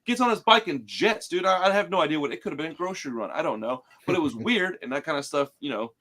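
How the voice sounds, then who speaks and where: Fast-talking man in casual podcast banter. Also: a little high. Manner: animated, swears freely, says "dude" a lot. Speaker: podcast co-host. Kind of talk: casual chat about a film.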